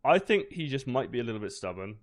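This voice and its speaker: A man's voice: medium pitch, very animated, quick pace. A man co-hosting a podcast in casual chat, rambling and laid-back, swearing now and then. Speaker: podcast co-host.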